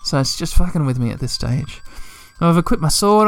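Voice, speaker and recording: A gaming podcast host giving playful, animated let's play commentary, full of sound effects. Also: medium pitch, moderate pace.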